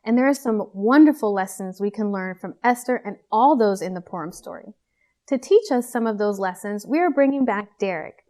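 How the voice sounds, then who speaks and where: A woman's voice: mid-range voice, expressive, moderate pace, dark tone. Upbeat woman program host. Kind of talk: hosting an online program.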